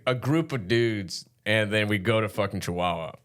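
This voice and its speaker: A man's voice: on the low side, moderate pace, fairly bright tone. A man co-hosting a podcast, telling a rambling, profane story in casual chat. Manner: rambling, heavy swearing. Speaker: podcast co-host.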